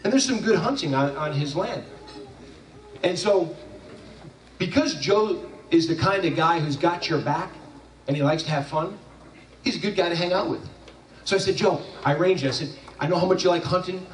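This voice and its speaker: A man's voice: a little high, normal speed, pauses often, recorded from a distance, a little hiss or hum. Jokey man speaking in an echoey hall. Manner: loose, jokey, with frequent restarts. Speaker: graduation speaker. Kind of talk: joking storytelling speech.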